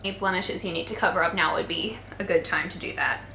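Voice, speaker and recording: Fast and gravelly, pitched on the low side with fairly even intonation, her voice still sounds bright and forceful. This young woman in her twenties, tired after bad sleep, jokes and chats playfully as she narrates a casual makeup tutorial. There's a roomy echo, faint background noise, and faint voices of people outside.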